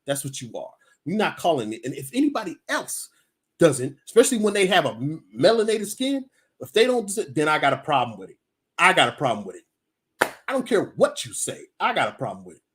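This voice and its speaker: Ranting vlogger, animated swooping pitch, emphatic, repeats for force. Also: brisk. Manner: emphatic, repetitive, storytelling with acted quotes. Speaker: video commentator. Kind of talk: heated personal rant to camera.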